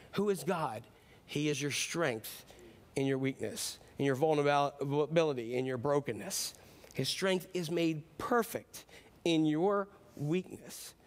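A middle-aged male pastor with a high voice delivers an earnest sermon. He climbs into loud, emphatic bursts, then drops to soft, slow stretches.

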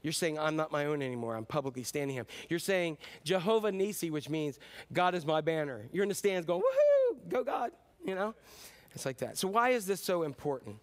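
A man preaching a sermon as pastor, telling stories in a casual, animated way with sudden whoops and cheers. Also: a little high, fairly quick.

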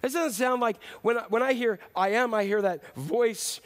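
A man preaching a sermon in a conversational, animated way, often acting out quotes in different voices. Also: very high voice, normal speed. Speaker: pastor.

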